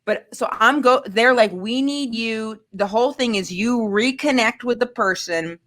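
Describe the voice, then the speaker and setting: A woman's voice: a little high, moderate pace, fairly bright tone. A woman guest telling a candid, self-mocking dating story in a rambling way, full of filler words. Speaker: guest comedian.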